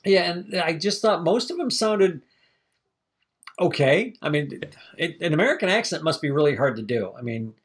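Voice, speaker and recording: A man with a husky, somewhat high voice talks through a film in a casual podcast chat. He is animated and laughs easily, slipping into playful voices when he quotes people. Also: normal speed. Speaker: podcast co-host reviewing films.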